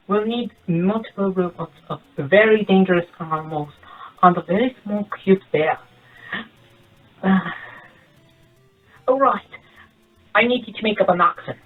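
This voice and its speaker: A frantic old-time king, bossy and panicky, barking orders in a raised voice, as a comedian puts him on. The sound is thin and phone-like, with faint music underneath. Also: mid-range voice.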